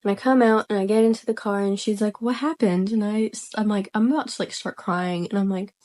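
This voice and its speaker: A soft-spoken young woman casually telling a personal story, rambling and hesitant with lots of fillers. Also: mid-range voice, steady tone, quick pace. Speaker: vlogger.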